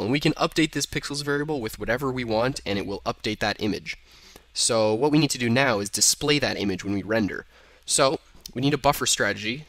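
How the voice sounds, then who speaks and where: Over the sound of typing, a young man talks his way through code in a casual screen-recorded tutorial, thinking aloud and revising himself as he goes. His voice is lowish and bright, with a forceful edge.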